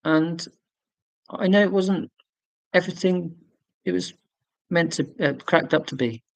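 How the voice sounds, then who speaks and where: A man's voice: on the high side, measured pace, dry recording, poor audio. A man in his forties hosting a casual live stream. He rambles chattily, answering viewer comments with fillers and self-corrections. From United Kingdom.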